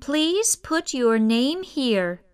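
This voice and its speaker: Lady doing a firm polite police officer, clear and slightly raised. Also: high-pitched, big pitch swings, extremely slow, voice pushed up, full character voice.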